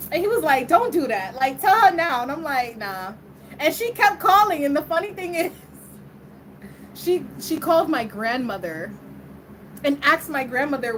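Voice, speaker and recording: A woman's voice: high voice, a bit bright, slight background noise, low-quality recording. A woman in her twenties casually telling a story to the camera, laughing often and acting out the voices of the people in it. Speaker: vlogger.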